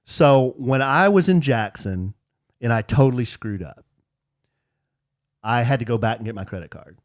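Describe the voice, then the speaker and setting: A man's voice: mid-range voice, animated, normal speed, no room sound, clean studio sound. A middle-aged man co-hosting a podcast, telling rambling, self-mocking stories about a family trip. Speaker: podcast co-host. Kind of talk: casual storytelling chat.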